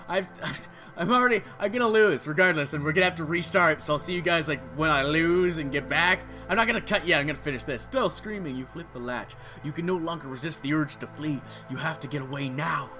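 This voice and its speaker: A gameplay streamer plays a horror game, reading its text aloud and commenting between passages. He swears freely and breaks into loud, annoyed rants. His voice sits on the high side.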